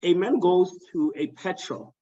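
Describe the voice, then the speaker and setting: A man's voice: high voice, animated, dark tone, highs cut off. Man moderating a panel. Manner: measured, formal storytelling. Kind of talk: hosting an online panel.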